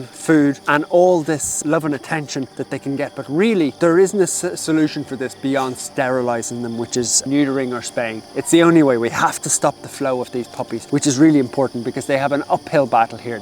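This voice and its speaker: A man with a slightly raised voice chats to the camera outdoors as he makes his rounds feeding street dogs. He explains things in an easy, friendly way and breaks into high cooing when he greets the animals. Clear music plays under his voice. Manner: chatty, talks to the dogs in a high excited baby voice. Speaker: dog rescue volunteer feeding street dogs. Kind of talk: casual vlog narration to camera. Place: outdoors by a jungle road.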